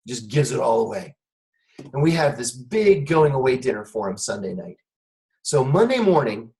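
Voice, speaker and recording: A middle-aged man, a guest on a talk show, telling a wry, animated story in conversation. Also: mid-range voice, low-quality recording.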